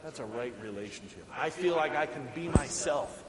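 A middle-aged male pastor gives a casual, conversational sermon in a church sanctuary, chuckling frequently and using lots of fillers. His voice is a little high and animated, at normal speed, over a noisy crowd. The church hall sounds echoey.

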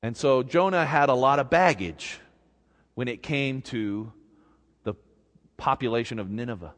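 A man pastor preaching a sermon in a church, telling a story in an animated, folksy way. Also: mid-range voice, measured pace. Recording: long reverb in a big hall.

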